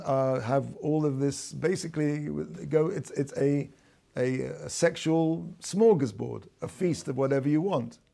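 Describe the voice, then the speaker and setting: A man, a rabbi, giving an explanatory lecture. He talks deliberately, stops to explain terms and corrects himself as he goes. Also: mid-range voice, creaky, warm tone. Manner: reads out quoted passages in a raised voice. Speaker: rabbi teaching a class.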